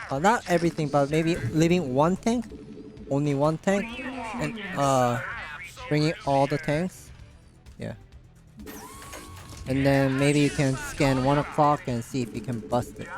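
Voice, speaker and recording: A man with a Korean accent coaching a player live, giving brisk, directive instructions and chuckling between them. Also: on the high side, music in the background.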